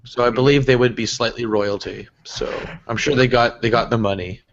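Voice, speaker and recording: A man's voice: mid-range voice, steady tone, a little fast, creaky. Man, co-host, emphatic, critical, exasperated, lo-fi dull audio. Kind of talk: casual livestream discussion.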